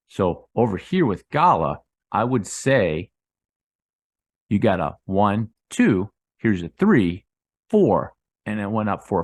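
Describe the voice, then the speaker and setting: Low-voiced man rambling over crypto charts. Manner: rambling, addresses viewers as guys, drops low on tag words. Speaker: crypto market analyst. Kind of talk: casual chart commentary.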